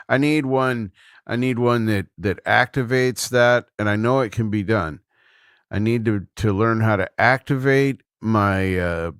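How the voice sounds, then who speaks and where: A man's voice: on the low side, a bit bright, dry recording. A middle-aged man hosting a casual livestream from a room at home, rambling easily and thinking aloud. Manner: rambling, easygoing, thinks aloud with many restarts. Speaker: livestream host.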